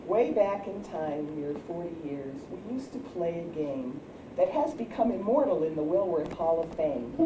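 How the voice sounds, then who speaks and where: A woman's voice: on the low side, normal speed. Woman reciting a comic poem, home video. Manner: animated, breaking into laughter and acting out shouted quotes. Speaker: family member reading her own poem at a birthday party. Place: home birthday party. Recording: echoey, distant home video with background noise.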